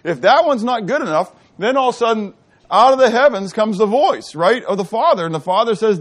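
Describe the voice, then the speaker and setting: Lively preaching man, fairly high voice. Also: brisk. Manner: asks the crowd questions and answers them himself; lively, shifting between loud and quiet delivery. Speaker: pastor. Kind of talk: sermon teaching.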